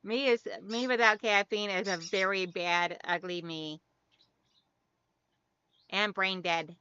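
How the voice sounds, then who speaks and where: Woman, friendly live stream chat, bright voice, dry slightly muffled sound. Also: mid-range voice, fairly even intonation, takes it slowly, clean tone, no echo. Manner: reads viewer comments aloud and answers them chattily; friendly, calls viewers girl.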